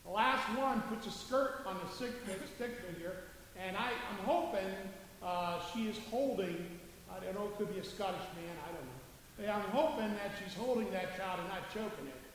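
A man's voice: high-pitched, normal speed. A man preaching a sermon in a conversational, humorous way, with many asides. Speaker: pastor. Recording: echoey hall from far off, faint hiss.

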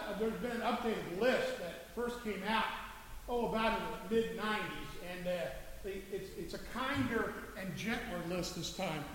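A man preaching a sermon in a conversational, humorous way, with many asides. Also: high voice. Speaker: pastor. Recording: echoey hall from far off, faint hiss.

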